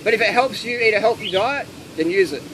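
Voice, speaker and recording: A man giving blunt, animated answers and stories to an audience in a casual Q&A at an outdoor gathering. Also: sits high, a little fast. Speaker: speaker answering audience questions. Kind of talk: casual Q&A talk with anecdotes. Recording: noisy outdoor ambience with traffic.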